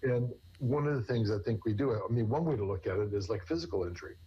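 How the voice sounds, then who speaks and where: A man speaks as a therapist guest, working through ideas with everyday examples. His voice is low and husky, and he sounds earnest. The recording is dull and lo-fi. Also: animated, fast talker. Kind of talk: conversational interview answers.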